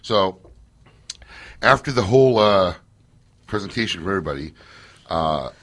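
Man, radio host, very low voice, husky, lively pitch, joking storyteller, studio mic. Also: normal speed. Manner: animated storyteller, loose and joking. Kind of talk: casual radio talk show chat.

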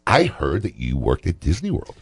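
A man's voice: low-pitched, wildly swooping pitch, normal speed, breathy edge. A male radio talk show host telling a story in casual banter, often tagging lines with "right?".

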